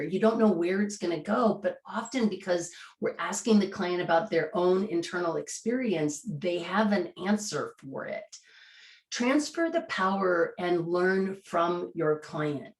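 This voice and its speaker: A woman leads a coaching workshop in an animated, conversational way, acting out the questions she would put to a client. Her voice sits a little low, and it carries a roomy echo. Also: measured pace. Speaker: coaching trainer. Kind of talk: live online coaching workshop.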